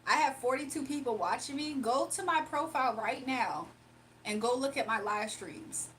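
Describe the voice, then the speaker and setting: A woman's voice: high voice, normal speed, fairly bright tone, slight background noise. Sarcastic, playful woman livestreamer. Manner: sarcastic, playful, laughs often. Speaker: livestreamer reading chat. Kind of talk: casual livestream chat.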